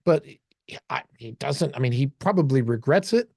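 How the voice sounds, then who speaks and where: A man's voice: mid-range voice, lively intonation, moderate pace, vocal fry, a little mellow, slightly rough, no room sound. A man co-hosting a casual talk with a mid-range voice. He rambles loosely, restarts his sentences and slips into quoted dialogue. The sound is dry and close, with little room around it. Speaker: co-host. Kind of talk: casual discussion.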